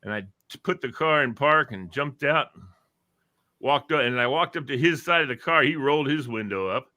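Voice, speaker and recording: Male host, lively joke-teller, bright tone, laughs at his own punchlines. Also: mid-range voice, moderate pace. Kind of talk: casual chat.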